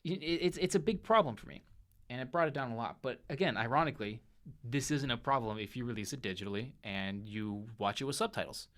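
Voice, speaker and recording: A young man hosting a casual movie review show, talking in an animated way with frequent restarts and self-corrections. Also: medium pitch, quick pace.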